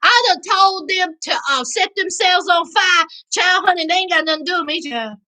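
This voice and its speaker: A woman with a Southern US accent hosts a casual live recap, answering chat in a sassy, animated way. Her voice sits very high. It sounds bright and forceful. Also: moderate pace, low-quality recording. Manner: sassy, animated, calls viewers child and honey. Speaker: livestream host reading chat.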